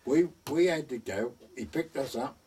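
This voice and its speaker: An older man, his voice slightly husky, spins a long reminiscence, chuckling and acting out the people he quotes. He sits some way from the microphone, so his voice sounds distant. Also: medium pitch, expressive, normal speed, mellow. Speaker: oral history storyteller. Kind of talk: reminiscing anecdote.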